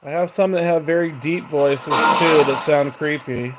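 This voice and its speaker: A man's voice: fairly high pitch, measured pace. Man coaxing spirits over hiss. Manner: coaxing, talks to spirits in questions. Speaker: paranormal investigator. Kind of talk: casual ghost box session talk. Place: house, indoors.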